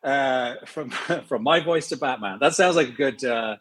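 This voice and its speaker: A man's voice: medium pitch, a little slow, fairly bright tone, husky. A middle-aged Irish man with a slightly mixed accent, chatting as a guest in an interview, laughing easily and explaining with examples. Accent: Irish, mixed with London and American. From Ireland. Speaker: actor, guest. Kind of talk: casual interview chat.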